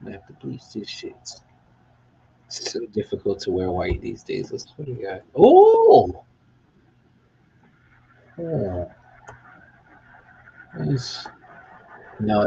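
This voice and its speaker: A man's voice: sits low, normal speed, gravelly, muffled recording, a little hiss or hum. A middle-aged man, a guitar maker, rambling casually and profanely to himself in a behind-the-scenes vlog.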